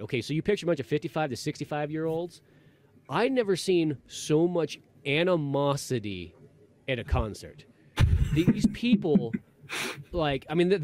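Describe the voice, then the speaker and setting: A man's voice: a little high, darkish tone. Rambling man telling a story. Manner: rambling, heavy on fillers and restarts. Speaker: podcast host. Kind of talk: casual storytelling chat.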